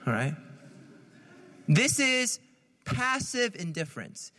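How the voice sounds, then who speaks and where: A man's voice: high-pitched, expressive, normal speed, sharp tone, in a large hall. A man, a priest, giving a conversational sermon, asking the listeners questions and laughing lightly at his own jokes.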